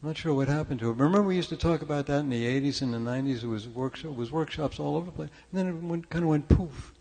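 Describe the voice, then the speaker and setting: With a fairly high, mellow voice, an older speaker talks very fast through a conversational sermon full of stories. The church sanctuary gives a big-room sound, and he's self-deprecating and chatty, repeatedly restarting his sentences.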